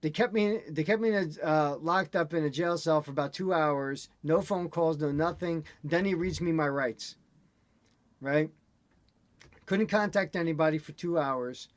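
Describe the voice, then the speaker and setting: A man in casual chat, telling an animated, ranting story as host. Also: on the high side, normal speed, no echo.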